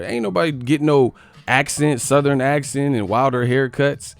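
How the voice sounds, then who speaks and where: A man hosting a boxing live stream, ranting in a profane, animated way and sometimes mocking others in put-on voices. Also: medium pitch, normal speed, vocal fry, no echo, faint music behind. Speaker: boxing channel host.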